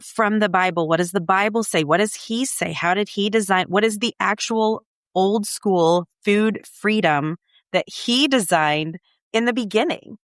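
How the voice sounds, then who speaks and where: Woman podcast host, earnest and encouraging, mid-pitched, dry close mic. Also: a little slow, dry recording. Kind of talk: podcast interview conversation.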